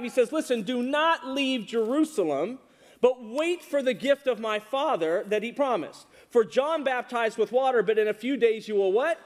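High-voiced man preaching in a hall. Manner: animated, asks the congregation questions. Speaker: pastor. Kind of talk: sermon. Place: church hall with congregation. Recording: reverberant hall.

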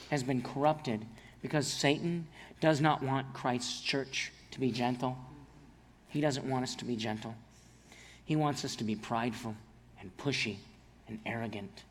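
A male pastor preaches earnestly, weaving in personal stories and dropping his voice low for emphasis. His voice sits a little high for a man. The sound carries a long reverb, as if in a large hall. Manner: earnest preaching with storytelling, drops to quiet emphasis. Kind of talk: sermon.

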